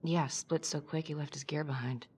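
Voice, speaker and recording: A woman's voice: low voice, steady tone, normal speed, darkish tone, close to an everyday voice. An actress playing a tough female police detective with a blunt, terse manner. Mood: defensive.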